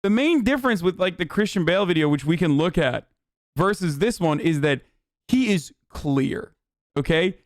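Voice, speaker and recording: A man's voice: high voice, lively intonation, moderate pace, dry recording, clean studio sound. A man hosting a live stream, talking casually, heated and incredulous, and swearing a lot. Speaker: streamer host.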